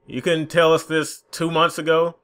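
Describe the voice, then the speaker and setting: A man's voice: a little high, flat delivery, normal speed, a bit bright, smooth. A young man in a gaming commentary vlog, frustrated and profane, mocking the companies as he rants. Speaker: gaming YouTuber.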